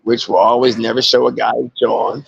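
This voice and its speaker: A man and actor, a guest in an interview, telling animated stories and acting out the voices of people he quotes. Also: medium pitch, fairly quick, creaky, breathy edge, dry recording, dull audio. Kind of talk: casual interview storytelling.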